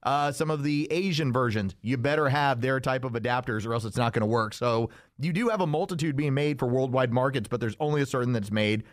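A man's voice: medium pitch, a little fast, no echo, studio quality. Chatty man hosting a podcast. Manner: rambling, explanatory. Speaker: podcast host. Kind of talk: casual chat.

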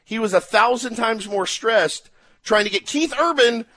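A man's voice: very high-pitched, measured pace. A male radio host animatedly telling a funny story in casual chat, acting out quotes. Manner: excitable, acts out quotes, laughing.

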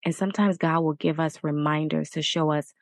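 Low voiced woman on a faith podcast, earnest and encouraging, says things over and over, dry close mic. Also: fairly even intonation, fairly quick, dry recording. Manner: earnest, repetitive exhortation. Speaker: podcast host. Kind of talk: encouraging Christian podcast talk.

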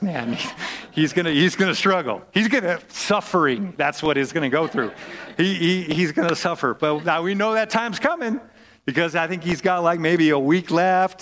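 A man preaching a sermon in a lively way, repeating words and often asking "right?". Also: fairly high pitch. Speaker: pastor. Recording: long reverb of a hall.

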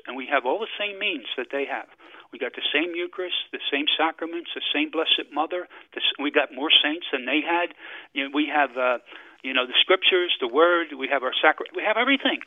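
A man's voice: fairly high pitch, no room sound. A man who is a priest, speaking on a talk radio show, preaching in repeated phrases and telling a story with chuckles. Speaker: priest guest. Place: radio studio. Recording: muffled radio broadcast sound.

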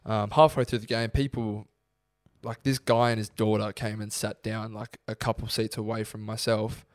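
A young Australian man co-hosting a podcast, telling a story with lively quoted voices. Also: on the low side, moderate pace, dry recording, clean studio sound. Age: young adult. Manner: animated storyteller acting out quotes. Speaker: podcast co-host. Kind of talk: casual podcast chat.

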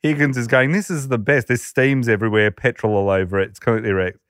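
A man's voice: medium pitch, fairly even intonation, fast, a bit bright, dry recording, studio quality. An Australian man telling a rowdy anecdote in casual chat, laughing often and acting out the voices of the people in it. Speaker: podcast storyteller.

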